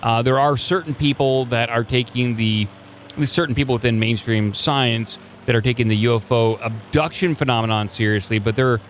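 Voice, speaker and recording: A man's voice: mid-range voice, fairly quick. A male host talks loosely, full of jokes and meandering asides. A faint hum of noise sits behind his voice. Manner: loose, joking, full of fillers and restarts. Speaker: podcast host. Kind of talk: casual chat.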